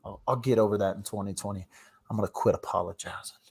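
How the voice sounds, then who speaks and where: A man hosting a casual live stream from his phone, ranting and swinging from loud outbursts to mumbled asides. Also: fairly low pitch, fairly even intonation, fast, creaky, breathy edge. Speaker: livestream host.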